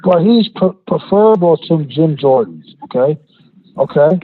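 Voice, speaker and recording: A man's voice: a little high, lively intonation, a little slow. A man in his fifties, a regular caller to a radio show, taunting and arguing, on a phone line. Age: 50s. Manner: taunting, laughing, argumentative. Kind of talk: heated call-in radio argument.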